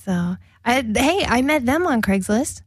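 A woman's voice: fairly high pitch, lively intonation, breathy edge, no room sound. Chatty giggly woman radio host. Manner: giggly, chatty, quick bursts. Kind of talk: casual on-air banter. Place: radio studio. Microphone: studio mic.

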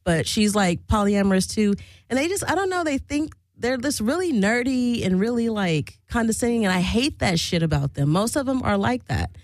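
A woman's voice: fairly high pitch, lively intonation, normal speed, no room sound. A woman radio show host telling a crude, blunt story in a casual monologue, often breaking into laughter.

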